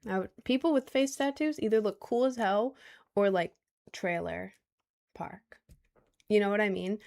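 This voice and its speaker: A woman's voice: medium pitch, normal speed, creaky, a little mellow. A woman of twenty chatting casually on a stream, answering viewer questions in a rambling, giggly way with lots of restarts. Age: 20s.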